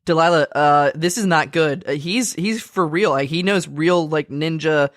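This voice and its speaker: A man's voice: a little high, moderate pace, a bit bright, no echo, studio quality. A man hosting a comedy podcast, flustered and exasperated. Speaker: podcast host.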